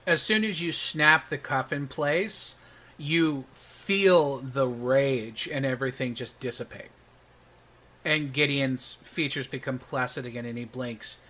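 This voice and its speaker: A man narrating a tabletop game as game master. He describes the action in a bright, ringing voice and often pauses on an um. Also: mid-range voice. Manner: descriptive, with frequent ums.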